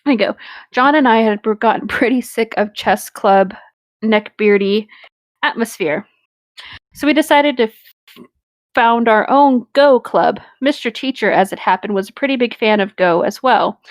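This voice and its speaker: A woman's voice: a little high, normal speed, dry recording. A woman, reading a story aloud and bantering with crude jokes and frequent laughter. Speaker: story reader and co-host.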